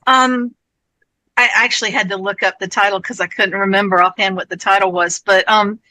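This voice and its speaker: A woman speaks on a convention panel in a bright, forward voice with a dry, close sound. She retells stories chattily and with feeling, filling the gaps with frequent ums. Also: medium pitch, steady tone, fairly quick, no room sound, poor audio. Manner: chatty, retells stories with warmth and many fillers.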